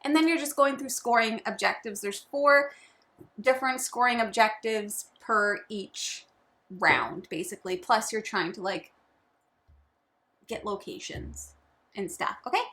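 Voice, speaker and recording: A woman's voice: on the high side, measured pace, bright, forceful tone. A woman co-hosting a casual board game chat, playful and teasing as she talks. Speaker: board game channel co-host.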